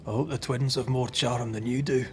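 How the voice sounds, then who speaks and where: An actor playing a blunt, dry-witted ghost hunter in a story game. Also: male voice, mid-range voice, fairly even intonation, normal speed, a little hiss or hum, lightly acted. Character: gruff male ghost hunter, blunt and wry. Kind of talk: game dialogue.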